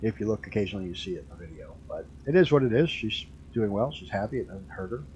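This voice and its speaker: A man's voice: lowish voice, lively intonation, fast, a little mellow, lo-fi sound, slight background noise. Laid-back rambling male streamer. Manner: laid-back rambling storyteller, swears casually. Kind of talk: casual chat while streaming a flight game.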